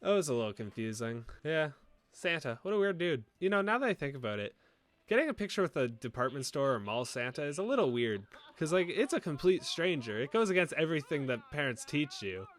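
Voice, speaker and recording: A man's voice: a little high, sing-song, brisk. A young man hosting a casual commentary video, rambling and joking with mock-indignant asides.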